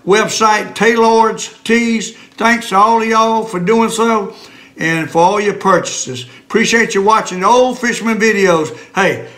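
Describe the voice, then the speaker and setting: Folksy older man, high voice. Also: a bit bright. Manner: folksy, chatty, drawling. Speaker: fishing vlogger. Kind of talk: casual fishing vlog. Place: outdoors at a lake.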